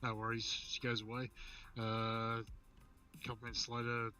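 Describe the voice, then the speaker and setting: Bright-voiced man telling a rambling joke. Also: mid-range voice, monotone, measured pace, far from the mic, faint music behind, poor audio. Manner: rambling storyteller, restarts and fillers. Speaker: caller on a stream.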